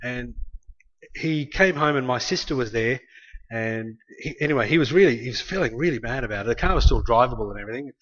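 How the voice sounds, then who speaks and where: A man's voice: mid-range voice, a little fast, fairly bright tone. Australian male preacher telling a story mid-sermon, rambling and chatty, midrange voice, muffled lo-fi recording. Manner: rambling, conversational, many restarts.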